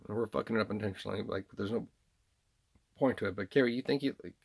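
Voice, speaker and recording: A man with a slight Southern drawl rambles through an unscripted video monologue, full of fillers and restarts. His low voice has a gravelly, husky edge. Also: fast talker. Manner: rambling, speaks of himself in third person, many restarts and fillers.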